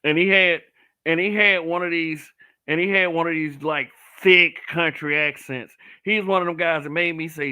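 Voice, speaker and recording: A man's voice: on the high side, steady tone, normal speed, bright, forceful tone, clear, resonant tone. A man giving blunt, profane commentary, often restarting and stammering over his words. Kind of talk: casual commentary to camera.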